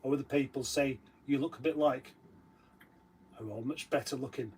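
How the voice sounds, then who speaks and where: A man's voice: medium pitch, fairly even intonation, moderate pace, a little mellow, a little hiss or hum. A man co-hosting a casual live stream who teases his partner and rambles through his explanations. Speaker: co-host.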